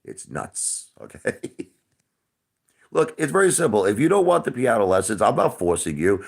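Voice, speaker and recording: A man's voice: lowish voice, animated, a little slow, gravelly. A man in his forties answering his chat on a casual livestream, defensive and repetitive, who keeps calling the viewers brother. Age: 40s.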